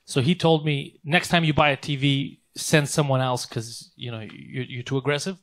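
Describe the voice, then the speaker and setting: A man in casual chat, telling an animated, profane story and acting out angry exchanges. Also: mid-range voice, moderate pace.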